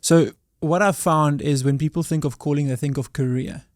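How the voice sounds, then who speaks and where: A man hosts an interview, posing thoughtful, probing questions. His voice sits slightly high. The recording is dry, with no room echo. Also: steady tone, normal speed, darkish tone. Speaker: interviewer host.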